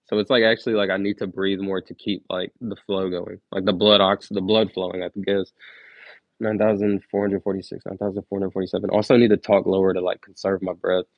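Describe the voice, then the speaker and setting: A man's voice: low voice, level tone, fairly quick, no echo, dull audio. A young man streaming, counting aloud and chatting to viewers in a laid-back way, saying "like" a lot, recorded on earbuds.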